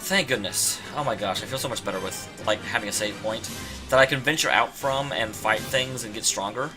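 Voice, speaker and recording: A man's voice: on the low side, a little fast. A man streaming a video game, chatting in a casual, sarcastic, playful way. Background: game music.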